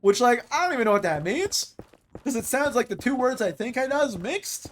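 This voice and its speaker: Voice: medium pitch, very animated, brisk. Rambling casual streamer. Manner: rambling, filler-heavy, swears casually. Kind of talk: casual chat over live gameplay.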